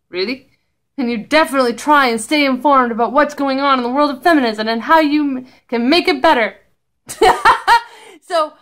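A woman's voice: high-pitched, a bit bright. A woman vlogging at home in casual commentary, blunt, profane and sarcastic. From Canada.

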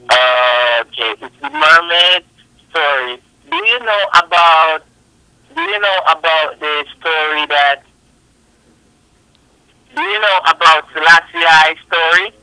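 A man on a recorded phone call who talks haltingly and keeps repeating himself to insist on his point. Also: on the high side, expressive, bright, forceful tone, smooth, dry recording. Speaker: phone scammer.

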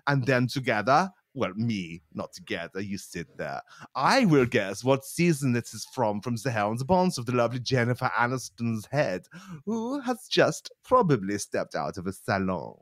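A man putting on the voice of a silly, excitable male news pundit who rambles in babyish talk. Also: mid-range voice, normal speed, dry recording, studio quality, close to an everyday voice. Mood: excited.

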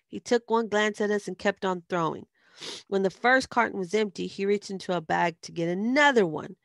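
A woman reading a novel aloud in first-person narration, with steady storytelling. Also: mid-range voice, normal speed, vocal fry, no echo, studio quality.

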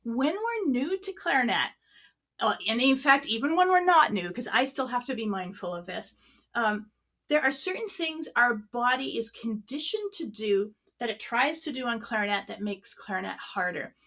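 A woman with a slightly high voice teaches an online clarinet workshop. She explains breathing and tone in a friendly, practical way. She demonstrates as she talks, sitting a few feet from her microphone. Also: expressive, moderate pace, sharp tone. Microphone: a few feet from the mic.

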